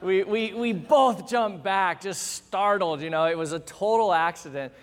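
A middle-aged male pastor delivering a sermon, animated and humorous, acting out scenes as he tells the story. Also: high-pitched, a little slow, long reverb tail, slight background noise.

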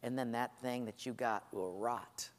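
A man's voice: mid-range voice, steady tone, measured pace, big-room sound. A man preaching a sermon, telling stories with humor and acting out the voices of people praying and complaining. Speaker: pastor.

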